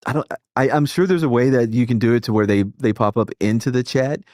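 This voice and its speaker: A man's voice: mid-range voice, fast talker, darkish tone, dry recording, clean studio sound. A man hosting a casual live stream who rambles and swears, with frequent restarts. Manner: rambling and profane, with many restarts and self-interruptions. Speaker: streamer and host.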